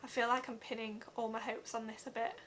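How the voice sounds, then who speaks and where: A young woman records a heartfelt vlog update. Her voice is bright and lifted a little above the usual range for a woman. She speaks earnestly, pausing often and filling the gaps with soft ums. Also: fairly high pitch, flat delivery, slight background noise. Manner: earnest, halting, many fillers. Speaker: vlogger.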